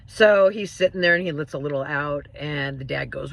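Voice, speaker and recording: A woman telling a joke story in a casual way, jumping up in pitch for the quoted voices. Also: fairly quick, creaky, dry recording, poor audio. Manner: animated, jumps to high pitch for quoted voices.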